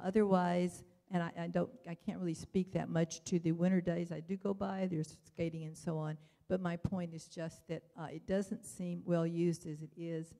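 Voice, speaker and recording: A woman's voice: fairly low pitch, gravelly, dark tone. An older woman giving rambling, chatty public testimony at a hearing, full of wry asides.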